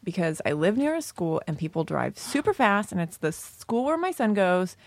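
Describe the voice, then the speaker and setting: A middle-aged woman telling a story in casual chat, animated and swearing freely. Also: on the low side, moderate pace, dry recording. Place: Los Angeles.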